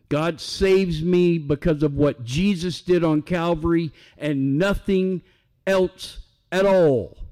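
A man preaching a sermon in an unhurried, deliberate way. His voice sits a little higher than most men's. He keeps asking his listeners questions and then answers them himself, with real emphasis. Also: warm tone.

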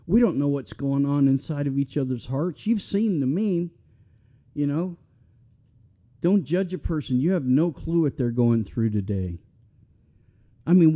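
A man preaching a sermon as pastor, conversational and animated, with self-deprecating humor. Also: medium pitch, muffled recording.

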